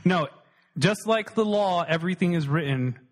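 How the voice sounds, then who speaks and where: Lively, teasing man with a high voice. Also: moderate pace. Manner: teasing, swearing, animated. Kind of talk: casual comedy podcast chat.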